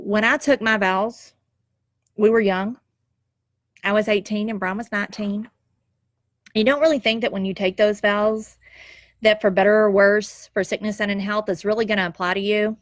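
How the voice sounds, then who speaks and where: A woman's voice: medium pitch, no room sound, studio quality. Heartfelt woman telling her story. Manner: emotional, tearful at times, heartfelt and reflective. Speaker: nurse sharing a personal story. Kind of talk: personal storytelling monologue.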